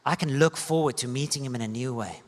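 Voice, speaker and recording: A male pastor preaching a sermon, telling stories with sweeping rises and soft, hushed dips. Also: medium pitch, quick pace. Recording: long church-hall reverb.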